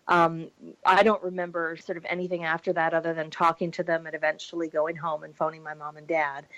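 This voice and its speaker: A woman guest on an interview show recounts a personal story in a slightly low voice. She tells it animatedly, laughing often and mimicking voices as she goes. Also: low-quality recording.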